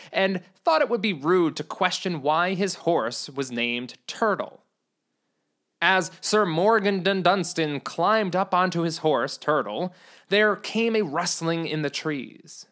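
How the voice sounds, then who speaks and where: A storyteller reading a funny tale aloud at a mid pitch. The delivery is lively and expressive, with the pace picking up during the action. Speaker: narrator.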